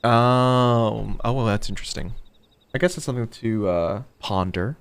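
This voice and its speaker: A man's voice: mid-range voice, moderate pace, creaky, clean tone. A man streaming a video game, rambling and chatty, often mocking himself. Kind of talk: casual gameplay commentary.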